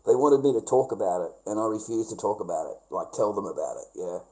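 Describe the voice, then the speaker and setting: A man's voice: on the low side, lively intonation, fast talker, darkish tone, poor audio. An Australian man rambling through a livestream monologue, swearing constantly, repeating himself and calling listeners mate and bro.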